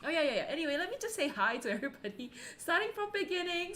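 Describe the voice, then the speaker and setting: A woman's voice: high voice, animated, quick pace, few pauses, pushed and bright, a little hiss or hum. Giggly chatty woman livestream host. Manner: chatty and giggly, full of fillers. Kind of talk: casual livestream chat.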